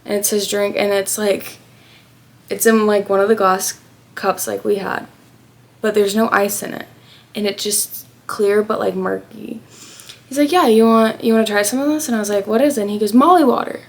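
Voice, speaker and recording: A woman's voice: medium pitch, steady tone, normal speed, creaky. A young American woman in her twenties telling a chatty travel storytime, acting out the people she quotes. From United States. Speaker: vlogger.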